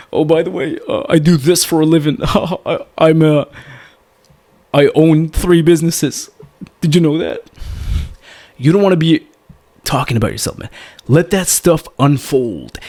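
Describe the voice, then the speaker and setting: A young man giving dating advice straight to the camera, energetic and casual, calling the viewer "man" again and again and acting out examples of what not to do. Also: medium pitch. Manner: animated, says "man" constantly, acts out bad examples.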